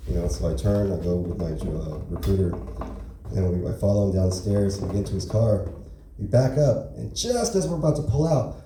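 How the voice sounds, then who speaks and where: Stand-up man, open mic, dark low voice, rambling deadpan delivery, echoey far-off club sound. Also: a little fast, slight background noise. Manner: rambling, filler-heavy, deadpan. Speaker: stand-up comedian. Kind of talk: stand-up comedy set.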